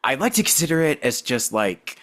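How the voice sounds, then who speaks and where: A man hosting a podcast interview in casual, animated conversation, laughing easily. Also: medium pitch, brisk. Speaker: podcast host.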